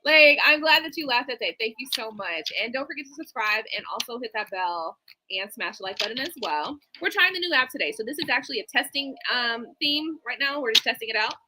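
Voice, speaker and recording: High, lively woman reading tarot cards. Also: fairly quick, a little hiss or hum. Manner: chatty, animated, laughing asides. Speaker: tarot reader. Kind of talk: casual live-stream tarot reading. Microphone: streaming setup mic.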